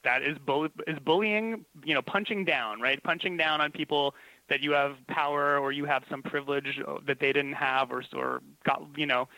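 A man's voice: fairly high pitch, dry recording, poor audio. A man who works as a comedy writer, chatting casually and telling stories with plenty of laughter. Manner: animated storytelling with frequent laughs. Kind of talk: casual chat.

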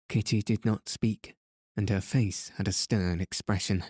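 A man narrates an audiobook in a measured, even way. His voice is low and dark, his pace very slow, and the recording is dry and close. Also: husky, no room sound. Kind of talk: scripted narration.

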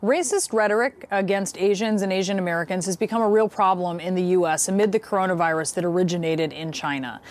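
A woman news anchor in a measured, formal delivery, introducing a story and a guest. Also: lowish voice. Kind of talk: TV news reading and interview.

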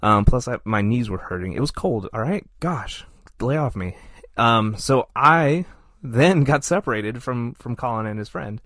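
A man on a podcast, telling a self-deprecating anecdote in a lively, casual way. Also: mid-range voice, a little slow, dry recording, studio quality. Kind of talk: casual storytelling.

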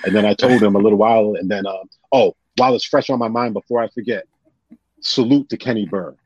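A man telling personal stories on a podcast in an animated, casual way, often acting out what others said. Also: on the low side, fast. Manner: animated, retells scenes with quoted voices. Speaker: guest. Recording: dull lo-fi sound.

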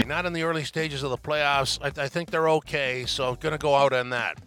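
A bright, fairly high male voice hosts a podcast with punchy, emphatic calls. Faint music plays behind him. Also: fast, hardly any pauses. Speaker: podcast host. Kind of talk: podcast monologue.

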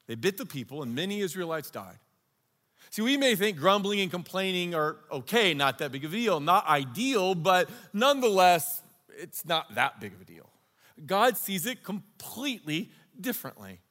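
Male pastor, slightly high voice, earnest conversational sermon, long hall reverb. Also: fairly bright tone.

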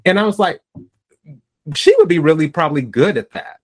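Brief: slightly high-voiced male podcast host, forties, chatty storyteller. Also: lively intonation, a little fast. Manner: conversational storyteller, quotes friends. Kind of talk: casual interview chat.

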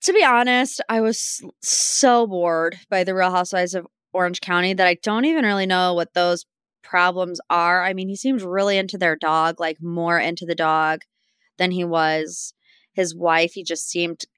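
Chatty young woman doing a gossip recap, sarcastic asides, clear voice, pretty dry sound. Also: lowish voice, fairly even intonation, moderate pace, fairly bright tone, no echo. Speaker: celebrity gossip host. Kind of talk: casual gossip commentary.

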